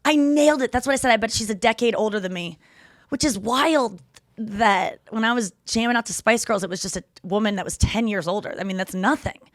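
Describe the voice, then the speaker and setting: A comedian in her thirties hosts a podcast, chatting casually at a medium pitch and a fairly quick pace in a dry, clean studio recording. She is animated and profane, mocking people by acting out their quotes in put-on voices, with frequent "like" fillers and restarts.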